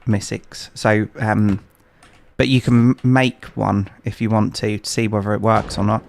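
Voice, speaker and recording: A man's voice: fairly low pitch, level tone, a little slow, vocal fry. A man streaming a game from home, chatting casually to his viewers in a rambling, hesitant way with lots of filler words, on a streaming microphone. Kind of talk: casual live-stream chat while gaming.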